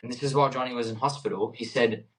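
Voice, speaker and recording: Talking very fast in a steady, medium-pitched voice, a young podcast co-host chats casually over a low-quality recording. His speech is hesitant, with frequent fillers and restarts, and he laughs easily.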